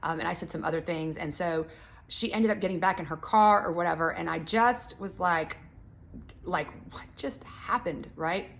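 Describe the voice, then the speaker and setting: A middle-aged woman telling a personal story in a casual way as a wellness channel host. She often restarts her sentences and gets loud and heated when she retells a confrontation. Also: lowish voice, moderate pace, gravelly. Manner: animated, rising loud and heated in retold confrontations; frequent restarts and fillers.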